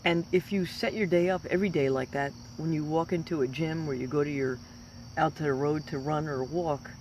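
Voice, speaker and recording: A woman's voice: deep voice, fairly quick, darkish tone, a little hiss or hum. A woman in her fifties, a professional fighter, giving an emphatic, rambling motivational talk. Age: 50s. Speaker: professional mixed martial arts fighter.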